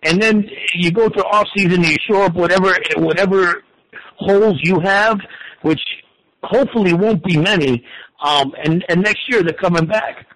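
A man in his forties talking sports on a show, excitable and crude, full of stammered restarts and swearing. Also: sits high, normal speed, rough recording. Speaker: wrestling and football pundit guest. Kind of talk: excited casual sports talk.

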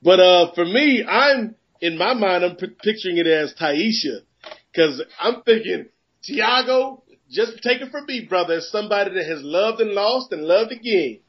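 A man co-hosting a casual sports podcast, joking and rambling through animated riffs. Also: high voice, normal speed, husky. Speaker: podcast co-host. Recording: dull lo-fi podcast audio.

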